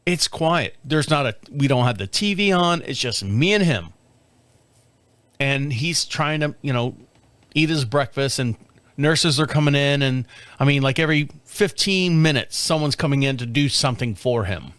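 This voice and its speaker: A man's voice: mid-range voice, animated, moderate pace, a bit bright, clear, resonant tone, no room sound. A man in his fifties hosting a podcast, telling a story in a casual, candid way, swearing and laughing often. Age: 50s. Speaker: podcast host.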